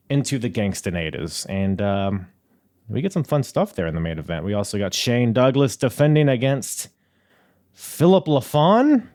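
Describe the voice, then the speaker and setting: A man's voice: medium pitch, darkish tone. A young man hosting a wrestling podcast in a casual, goofy, rambling way, joking with himself and the listener. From Virginia. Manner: goofy, rambling, self-mocking. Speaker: podcast host.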